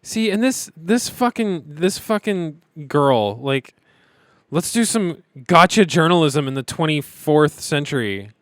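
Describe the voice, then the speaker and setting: A man's voice: a little high, animated, measured pace, a bit bright, no room sound, clean studio sound. A man co-hosting a casual commentary podcast, mocking and sardonic as he picks things apart. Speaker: podcast co-host.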